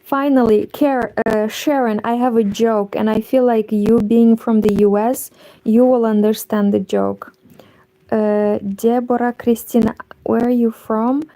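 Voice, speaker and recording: A woman's voice: fairly high pitch, fairly even intonation, measured pace, mellow, low-quality recording. A woman from Moldova, chatting casually on a crochet livestream and greeting viewers as she works.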